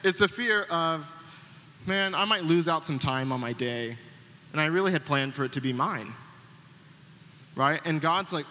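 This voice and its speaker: A young adult man preaching a storytelling sermon, animated and acting out the voices of people in his story. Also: a little high, unhurried, long pauses. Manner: animated, acts out quoted voices. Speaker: pastor. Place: church sanctuary. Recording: long reverb of a church hall.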